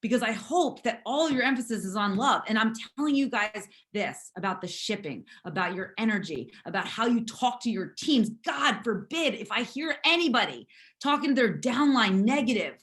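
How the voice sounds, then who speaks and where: Hoarse, emphatic woman leading a team call. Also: on the high side, animated, normal speed, a bit bright. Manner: emphatic, repetitive, preachy. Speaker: network marketing team leader.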